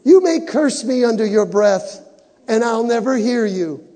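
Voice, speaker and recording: A man preaching from the pulpit with a very high, mellow voice. He builds his lines to shouts and has the congregation repeat them back. His words ring through the long reverb of a big church hall. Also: animated, measured pace. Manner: preaching with rising shouts and call-and-response. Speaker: pastor. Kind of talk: sermon. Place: church sanctuary.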